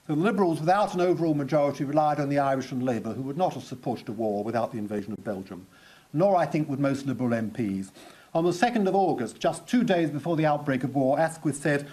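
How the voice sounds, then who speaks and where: A man delivers a measured history lecture, stopping now and then to read out quotations. His voice sits a little high for a man and has a husky edge. He talks at an even, deliberate pace. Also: low-quality recording.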